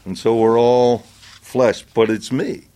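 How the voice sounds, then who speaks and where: Man, sermon, unhurried, mid-pitched, earnest and impassioned. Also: level tone, warm tone. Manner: slow, deliberate, rising to impassioned pleading. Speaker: preacher.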